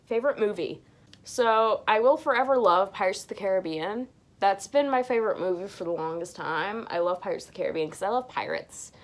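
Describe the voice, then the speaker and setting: Chatty young woman rambling at home. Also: mid-range voice. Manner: chatty and rambling, with frequent restarts and gushing enthusiasm. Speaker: vlogger answering viewer questions. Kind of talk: casual chat. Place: home bedroom.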